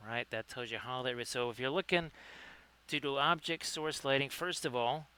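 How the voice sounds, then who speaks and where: A male host chats through a live-streamed miniature painting lesson. His voice is bright and crisp. He stays upbeat, greets viewers by name and corrects himself mid-sentence. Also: mid-range voice, moderate pace. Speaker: livestream host, painting tutor.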